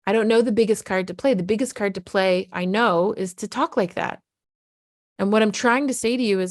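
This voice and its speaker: A woman's voice: medium pitch, fairly quick, dry recording, clean studio sound. A middle-aged woman talking candidly to parents as a parenting coach, casual and frank, swearing freely.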